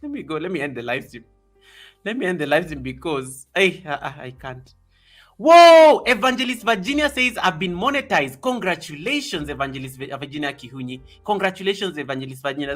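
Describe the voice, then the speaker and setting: Hosting a casual live stream, a man speaks fairly quickly in a bright, forceful voice pitched a little high. He chats excitably with viewers and reads their comments aloud, while soft music plays faintly behind him.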